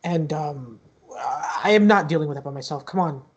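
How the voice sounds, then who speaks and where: A man's voice: fairly high pitch, lively intonation, normal speed, breathy edge, highs cut off. A man voicing a fed-up, grumbling male town officer in a tabletop game. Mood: annoyed.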